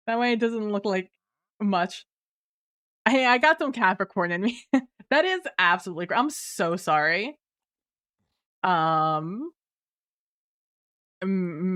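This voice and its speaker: A woman's voice: a little high, a bit bright. A woman livestreamer chatting casually with viewers at her home computer, laughing often and apologizing, with lots of fillers and restarts. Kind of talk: casual stream chat reading viewer messages.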